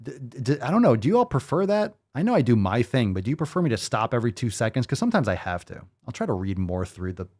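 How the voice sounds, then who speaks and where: A man's voice: medium pitch, very animated, fast, few pauses, a little mellow. A man hosting a fitness show, ranting with profanity, incredulous and full of rhetorical questions. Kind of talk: ranting commentary.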